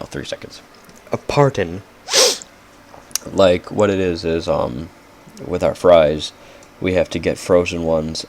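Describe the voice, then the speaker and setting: Young male podcaster, extremely low voice, rambling and self-mocking, faint hiss behind. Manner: rambling, loses track, frequent "like" fillers. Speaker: podcast host. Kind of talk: casual rambling solo podcast.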